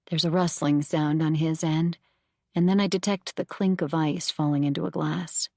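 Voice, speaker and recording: A woman narrating a first-person thriller audiobook in a measured, intimate way, close to the mic. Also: low-pitched, fairly even intonation, a little mellow, no room sound.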